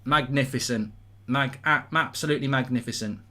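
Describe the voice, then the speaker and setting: Exuberant, bright-voiced English football host. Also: male voice, mid-range voice, fairly quick. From England. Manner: exuberant, chanting and singing between rants. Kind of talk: excited live match reaction.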